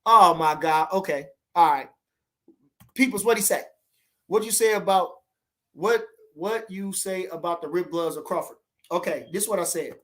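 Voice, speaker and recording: A man from the boxing world chatting casually with viewers on a livestream, rambling and animated, often checking that listeners understand him. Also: high-pitched, moderate pace. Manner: rambling, animated, keeps asking "you understand?".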